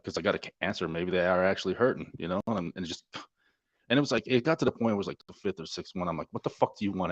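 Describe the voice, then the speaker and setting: Low-voiced man telling rough war stories. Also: dry recording. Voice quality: profane, laid-back storyteller. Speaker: Navy corpsman guest. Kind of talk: casual storytelling interview. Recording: dull, dry lo-fi sound.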